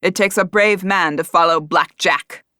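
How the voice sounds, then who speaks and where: A woman voicing a bold pirate captain with a deep voice and a confident, commanding manner in an audiobook. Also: measured pace, pushed and bright, smooth, no room sound, clean studio sound. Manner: assured, commanding.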